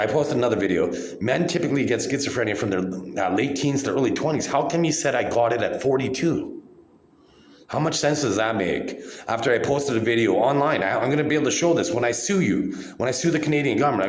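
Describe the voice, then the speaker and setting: A man in his forties delivering an angry, accusatory rant straight to the camera, repeating himself as he goes. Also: medium pitch. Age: 40s. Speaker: vlogger. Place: hospital room. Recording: echoey room.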